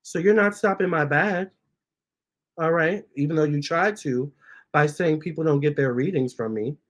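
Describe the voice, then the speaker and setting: Male vlog host, voice pitched a bit high, casual and animated storytelling, coaxes his pets mid-sentence. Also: normal speed. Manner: chatty and animated, breaks off to coax his cats. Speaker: tarot reader and channel host. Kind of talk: casual storytime, reading out viewer comments.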